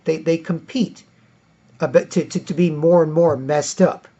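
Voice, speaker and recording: A man's voice: on the high side, steady tone, normal speed, dark tone, lo-fi sound. A man delivering a rambling, repetitive political rant as a vlogger.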